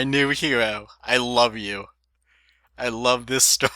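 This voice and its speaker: A man's voice: medium pitch, fairly even intonation, slow, bright, forceful tone, no echo. A man reading fan fiction aloud, giggling often and swearing with enthusiasm. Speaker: fanfiction reader.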